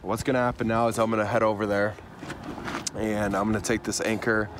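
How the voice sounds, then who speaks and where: A man's voice: on the low side, little pitch movement, fairly quick, over music. A man hosting a vlog with a groggy morning voice, explaining the day's work plainly outdoors on a farm. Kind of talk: casual vlog narration. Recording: noisy outdoor camera audio. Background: clear background noise.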